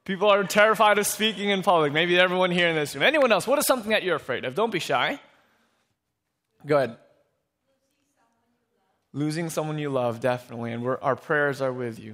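A man's voice: a little high, lively intonation, quick pace, fairly bright tone. A young man preaching a sermon, telling stories and asking the congregation questions in a conversational way. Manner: conversational storytelling, asks the crowd questions. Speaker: pastor.

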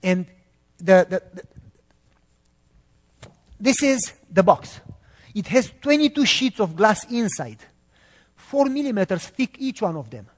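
A high-voiced man shares a testimony story in a sermon. He is animated and acts out the people in it, often turning to ask his listeners whether they follow. Long reverb from a hall follows his words. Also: measured pace, long pauses. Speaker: preacher giving a testimony.

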